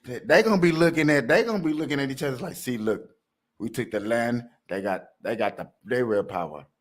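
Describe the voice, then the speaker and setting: A man's voice: mid-range voice, a little fast. A man hosting a casual, joking commentary show, laughing and riffing. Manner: animated, joking, laughing often. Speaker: host.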